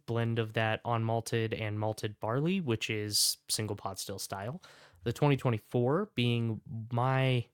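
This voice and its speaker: A man's voice: medium pitch, clear, resonant tone, dry recording, clean studio sound. A man hosting a casual whiskey review, talking enthusiastically and rambling with fillers and self-corrections. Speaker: whiskey reviewer and podcast host.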